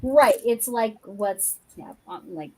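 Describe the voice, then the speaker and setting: A woman's voice: on the high side, animated, slow pace, a little hiss or hum. A woman from Colorado hosting a casual livestream chat while crafting, curious and musing aloud. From Colorado, USA. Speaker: host.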